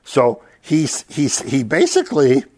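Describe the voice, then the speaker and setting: A man teaching an informal Bible study in a relaxed, talkative way. His pitch swings widely as he acts out the quotes he tells, and he chuckles often along the way. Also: a little slow. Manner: animated, acts out quoted lines in raised voices, chuckles often.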